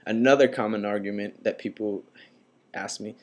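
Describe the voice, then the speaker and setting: An American vlogger in his twenties tells his audience a personal story, relaxed and rambling and packed with fillers. His pitch is fairly low, his pace moderate, and the recording is muffled.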